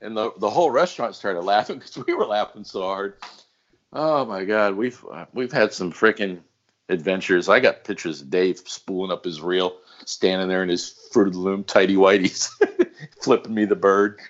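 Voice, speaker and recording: A man telling fishing stories in a casual podcast chat, animated and often laughing. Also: deep voice, moderate pace, muffled recording. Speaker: guest storyteller.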